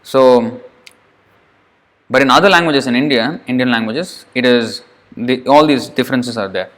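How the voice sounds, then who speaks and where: A man's voice: mid-range voice, normal speed, fairly bright tone. A man teaching Sanskrit pronunciation in a recorded lesson, demonstrating each syllable aloud and repeating it patiently.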